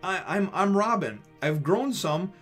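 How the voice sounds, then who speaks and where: A man's voice: lively intonation, unhurried, a bit bright, faint music behind. A man doing a tearful pleading little girl. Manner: tearful, begging, high-pitched. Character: pleading little girl searching for her lost mother.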